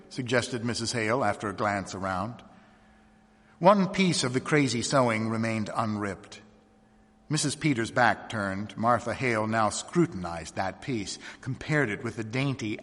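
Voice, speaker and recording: A man reading a short story aloud in a measured, expressive narration. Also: medium pitch, in a large hall. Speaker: reader.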